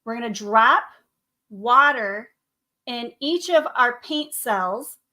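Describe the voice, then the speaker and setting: A woman's voice: a little high, animated, slow pace, sharp tone. A woman art teacher leading a painting tutorial for children, upbeat and encouraging, speaking to the viewer as to her students. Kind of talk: classroom drawing tutorial.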